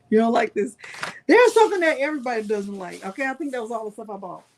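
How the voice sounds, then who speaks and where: A woman's voice: on the high side, slight background noise. A woman hosting a casual live-stream crafting tutorial, chatting with viewers and reading product labels aloud.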